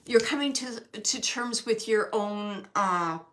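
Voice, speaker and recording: A woman giving a live mediumship reading, halting and searching, with many fillers as she relays messages. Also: on the high side, sharp tone, a little hiss or hum. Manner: relays spirit messages to the sitters.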